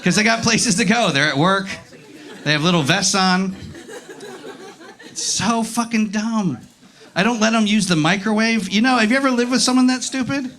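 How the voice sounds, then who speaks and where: A man's voice: high voice, brisk, fairly bright tone. A man performing a live stand-up comedy set, ranting in an exasperated, profane way and bantering with the crowd. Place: comedy club stage.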